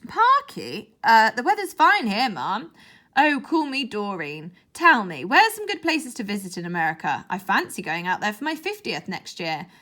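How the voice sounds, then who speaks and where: A chatty, homely mum in her late forties, breezy and gossipy, happy to natter on, as a woman reader voices her. Her voice sits high and bright. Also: wildly swooping pitch, moderate pace. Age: 40s.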